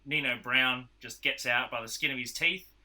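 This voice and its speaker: A man's voice: mid-range voice, fairly even intonation, normal speed, sharp tone. An Australian man co-hosting a podcast, animatedly retelling a film's plot in casual chat and acting out the characters' lines. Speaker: podcast co-host. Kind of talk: casual film review chat.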